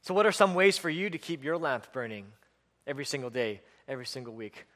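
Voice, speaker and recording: A man's voice: mid-range voice, animated, fast, fairly bright tone. Preaching man in a reverberant hall. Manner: emphatic, repetitive lists, chuckles. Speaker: pastor. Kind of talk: sermon.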